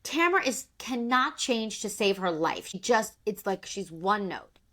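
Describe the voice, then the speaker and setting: A woman's voice: medium pitch, big pitch swings, a little slow, fairly bright tone. A woman co-hosting a podcast, chatting casually about reality TV in a blunt, opinionated way, with some swearing. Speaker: podcast co-host. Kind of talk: casual gossip chat.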